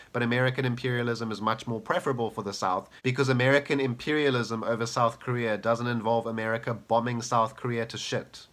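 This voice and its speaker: A man's voice: mid-range voice, fairly bright tone. Combative male commentator. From South Africa. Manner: combative, rhetorical questions, sarcastic asides. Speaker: political commentator. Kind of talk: argumentative video essay.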